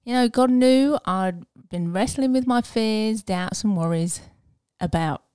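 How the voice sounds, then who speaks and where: A woman's voice: mid-range voice, unhurried, darkish tone, clean tone, no room sound. A woman hosting a Christian podcast, talking casually with many ums and restarts. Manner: chatty, with many fillers and restarts. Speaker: podcast host. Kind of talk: casual faith chat.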